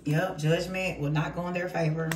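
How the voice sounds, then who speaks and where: A woman's voice: lowish voice, fairly even intonation, normal speed. A woman giving a casual tarot reading in a blunt, heated, profane way. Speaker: tarot reader. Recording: roomy, distant mic, noisy.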